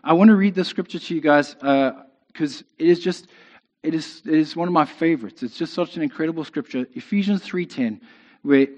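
A man's voice: on the high side, a little fast, a little mellow. A man preaching a sermon in a conversational way, often checking in with "right?". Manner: conversational, keeps asking "right?". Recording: dull lo-fi sound with long reverb in a hall.

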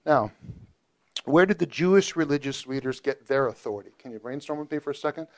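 A man teaching a Bible study group in a casual, animated way, joking and asking questions. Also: medium pitch, fairly quick.

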